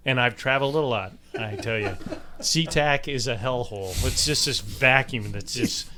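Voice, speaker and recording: A man's voice: mid-range voice, moderate pace, crowd noise. An older man co-hosting a casual podcast, telling stories with jokes and laughter. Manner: joking storyteller, laughs often. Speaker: podcast co-host. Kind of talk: casual chat.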